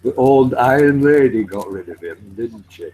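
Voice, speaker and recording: A man chatting casually over voice chat, asking curious questions in a relaxed way. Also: medium pitch, normal speed, slightly rough, poor audio.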